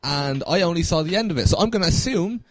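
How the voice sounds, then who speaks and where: A man's voice: fairly high pitch, expressive, fast talker, noisy background. A man co-hosting a podcast, telling a rambling story in casual chat, laughing at it and swearing freely. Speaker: podcast co-host.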